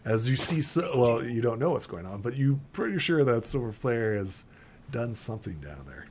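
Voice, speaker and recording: A man's voice: medium pitch, very animated, moderate pace, a little mellow, a little hiss or hum. A man running a tabletop role-playing game as game master, narrating with lots of laughter and "right?" tags.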